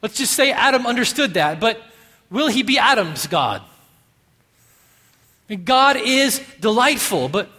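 A man preaching a sermon as pastor, emphatic, moving from quiet musing to loud stressed phrases. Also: sits high, breathy edge. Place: church sanctuary. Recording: long reverb of a church hall.

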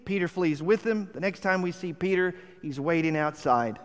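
A man delivers a sermon in an earnest storytelling manner, building to emphatic points. His voice sits a little high and sounds smooth and resonant. The sound carries a long hall reverb. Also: normal speed. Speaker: preacher.

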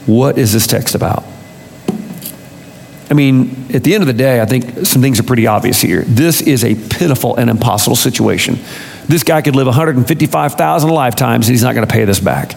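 A man's voice: medium pitch, lively intonation, fairly quick, vocal fry, darkish tone, slightly rough. A man preaching a casual, conversational sermon, full of rhetorical questions and self-corrections. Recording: long reverb of a large hall.

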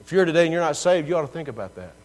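A man delivering a sermon with a somewhat high voice, earnest and pleading, pushing hard in some moments and easing off in others. His voice carries a long reverb from the church around him, with a faint mains hum underneath. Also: lively intonation, racing, a little mellow. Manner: earnest, pleading, rising and falling in intensity. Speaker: pastor. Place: church sanctuary.

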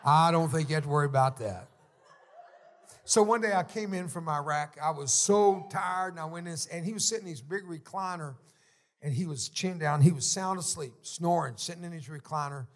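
Brief: middle-aged male preacher, gravelly, slightly high, folksy storyteller who swells to shouts. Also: a little fast. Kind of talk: sermon storytelling.

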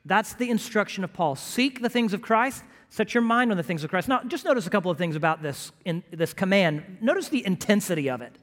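A pastor preaching a sermon to his congregation, emphatic and rising to loud, pleading bursts. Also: sits high, animated, brisk, few pauses, big-room sound.

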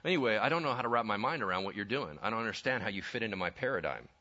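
A man's voice: fairly low pitch, animated, very fast, bright, forceful tone, pitched below the performer's own voice, full character voice. A man voicing a baffled old religious scholar. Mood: bewildered. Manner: puzzled, casual modern slang. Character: confused learned older male religious leader. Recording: dull lo-fi sound.

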